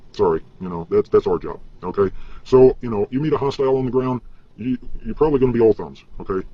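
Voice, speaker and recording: A man's voice: medium pitch, mellow, lo-fi sound. A man ranting in a rambling vlog, frustrated and profane, stumbling over fillers, heard from a replayed clip. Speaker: vlogger.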